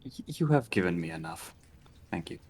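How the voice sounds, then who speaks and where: A man's voice: sits low, sing-song, moderate pace, a little mellow, slight background noise. A man voicing a small male kobold who is earnest and grieving, stammering in short, simple phrases. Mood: grateful.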